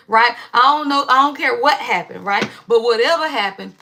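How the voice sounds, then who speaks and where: Woman spiritual stream host, bright and a bit high, loud, profane, slangy chat. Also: normal speed, hardly any pauses. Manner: loud, slangy, profane and animated, often asks "right?" and "y'all". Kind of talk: casual live stream spiritual guidance.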